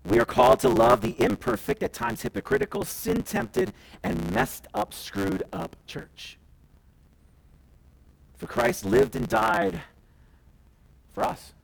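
A male pastor preaching a sermon in a church, with passionate delivery that swings between loud declarations and hushed asides, often acting out quoted voices. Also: high voice, takes it slowly, gravelly, pauses often, poor audio.

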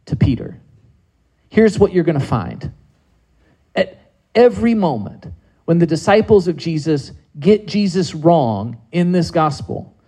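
A man's voice: high voice, mellow, rough recording. A man preaching a sermon in a conversational way, with many rhetorical questions to his listeners.

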